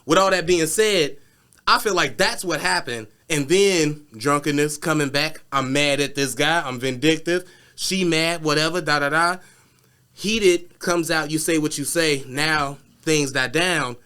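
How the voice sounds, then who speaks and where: A man's voice: fairly high pitch, measured pace, clear, resonant tone. A man co-hosting a podcast, chatting casually and telling a story with slang and cursing. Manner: animated storytelling, acts out voices with cursing. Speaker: podcast co-host. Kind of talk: casual chat.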